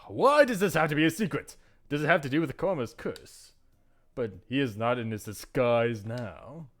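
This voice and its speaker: An earnest young princess, as a man puts her on with a raised voice. Her lines stay curious and sincere, with a lively rise and fall. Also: mid-range voice, a little slow. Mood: questioning.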